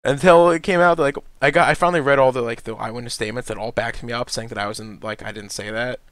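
A man's voice: medium pitch, fairly even intonation, fast talker, a bit bright, smooth, no echo. A young man hosting a casual podcast, telling a long rambling story, swearing a lot and laughing at himself. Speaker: podcast host. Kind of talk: casual chat.

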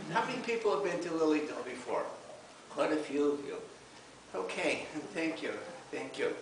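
A man delivers a church sermon in a slightly high voice, opening with a lighthearted story before turning earnest. He is recorded from a distance in a very echoey hall. A faint hiss runs under the recording. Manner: humorous storytelling then earnest preaching. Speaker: minister.

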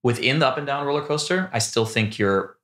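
A man's voice: mid-range voice, animated, brisk, a bit bright. A young adult man, a rabbi guest on a podcast, explaining ideas earnestly in casual talk with everyday examples. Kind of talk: casual chat.

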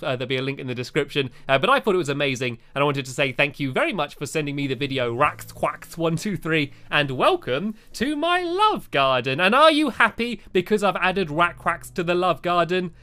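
A young man giving cheerful, excitable commentary while playing a game and chatting to a friend and to his viewers. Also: on the high side. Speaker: gaming video host. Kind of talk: playful let's-play commentary.

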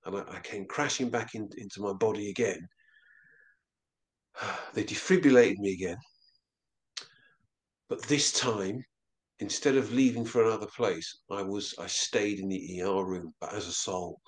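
A man, an interview guest, telling a personal story in a halting, earnest way with frequent restarts. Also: lowish voice. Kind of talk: recounting a personal experience in an interview.

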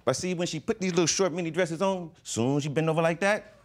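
A man's voice: on the high side, fast talker. A man in his forties giving laid-back, colloquial testimony on a courtroom TV show, often chuckling. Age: 40s. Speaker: litigant.

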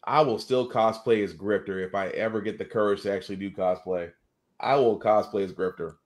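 A man co-hosting a casual podcast who laughs often and slips into quick impressions. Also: on the low side, fairly even intonation. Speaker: podcast co-host.

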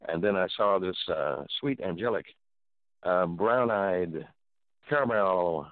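A middle-aged man hosting a talk show, telling a story in an animated, preacherly way and exclaiming often. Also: low voice, slow pace, no room sound. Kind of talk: casual storytelling. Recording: dry tinny phone-like sound.

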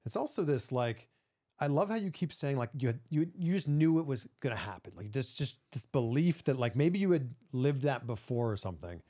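A man's voice: medium pitch, big pitch swings, moderate pace, mellow. Man hosting a reflective interview. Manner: reflective, affirming. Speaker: interview host. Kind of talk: casual interview chat.

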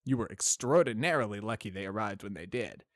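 A man's voice: lowish voice, lively intonation, brisk, dry recording, lightly acted. A man voicing a male pony army doctor who speaks in a dry, formal, wry way.

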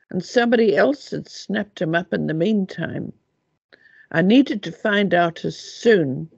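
An older woman reads from her own memoir in a slow, gravelly voice with a husky edge. The recording is dull and dry, with no room around it. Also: on the low side, darkish tone, no room sound. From South Africa. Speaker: author reading her memoir. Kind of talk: audiobook reading.

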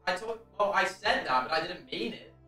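A man's voice: high-pitched, expressive, a little fast, sharp tone. A young man joking and stammering through a teasing casual chat. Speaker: guest. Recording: roomy distant mic with music behind.

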